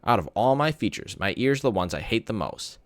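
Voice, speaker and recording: A man reads a novel aloud for his class, with a lowish voice that rises and falls with animation. The sound is dry and close, with no room echo. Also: brisk. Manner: animated storytelling. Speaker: teacher reading to students. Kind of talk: expressive read-aloud of a novel.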